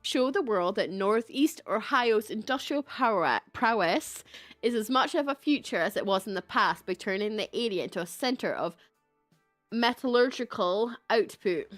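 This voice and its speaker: A woman's voice: mid-range voice, lively intonation, normal speed, no room sound, soft background music. A woman with a Scottish accent giving casual, chatty livestream commentary over a game, reading and joking at herself. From Scotland. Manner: chatty, self-mocking, laughs often.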